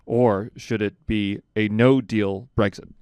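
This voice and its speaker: This is a man moderating a mock question-and-answer session at an even, unhurried pace. His voice is smooth and resonant, and the sound is close and dry. He often pauses on fillers. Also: lowish voice, no echo. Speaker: event moderator. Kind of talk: hosting a mock Q and A.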